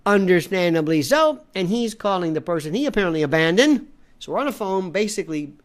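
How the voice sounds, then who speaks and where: A man's voice: high voice, a little fast. A male talk show host delivering a rambling, sarcastic monologue full of digressions. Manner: animated, sarcastic, digressive storyteller.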